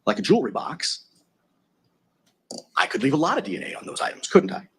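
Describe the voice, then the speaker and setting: A man defending a case in court questions a witness methodically, pressing with leading tag questions at the end of his points. He has a husky, slightly breathy, sing-song voice at medium pitch and talks a little fast.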